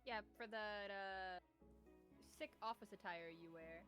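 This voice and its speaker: A woman's voice: medium pitch, measured pace, a bit bright, clean tone, faint music behind. A young woman joining a stream, bantering casually and teasing her friend. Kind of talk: casual chat.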